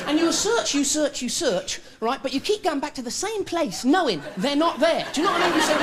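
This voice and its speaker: A man's voice: very high-pitched, big pitch swings, brisk, few pauses, over a noisy crowd. A young man doing a stand-up comedy set on a TV studio stage, talking in a frantic, stammering, panicky way. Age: young adult. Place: TV studio stage with live audience. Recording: loud audience laughter and studio noise.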